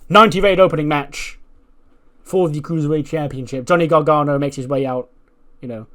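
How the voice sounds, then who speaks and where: A man's voice: on the high side, moderate pace, a bit bright. A man talks through a wrestling management game in casual commentary. His delivery is loose and rambling, full of fillers, with plenty of swearing along the way. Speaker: gaming video creator.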